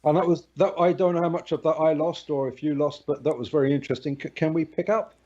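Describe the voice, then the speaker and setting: Male hypnotist host, soft warm tone, muffled call audio, halting speech with coaxing tag questions. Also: a little high, fairly even intonation. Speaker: interviewer and hypnotist. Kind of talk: casual interview chat. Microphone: video call over Skype. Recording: dull video call audio.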